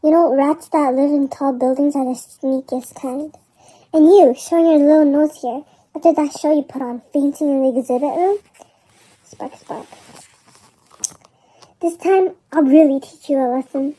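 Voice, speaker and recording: A woman's voice: high-pitched, steady tone, moderate pace, mellow, close to an everyday voice, low-quality recording. Woman voicing a scornful vice principal. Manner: scornful, belittling. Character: stern grumbling male vice principal.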